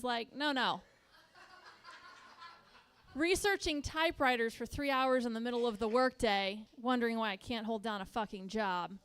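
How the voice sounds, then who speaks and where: A woman's voice: fairly high pitch, a little slow, a bit bright, slight background noise. A young woman doing a stand-up set on a club stage, chatty and self-deprecating, full of "like". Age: young adult. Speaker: stand-up comedian. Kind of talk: stand-up routine.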